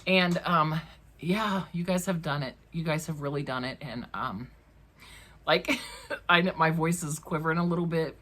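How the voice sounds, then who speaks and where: A woman's voice: deep voice, moderate pace, fairly bright tone. A woman hosting her own craft channel, talking casually to camera from her crafting room at home, chatty and emotional, laughing often.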